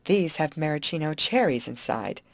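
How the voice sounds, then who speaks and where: A woman reading the lines of a soft-spoken, luxury-loving teenage girl in an audiobook. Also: low-pitched, animated, moderate pace, vocal fry, no room sound, exaggerated voice. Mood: touchy. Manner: soft, wistful.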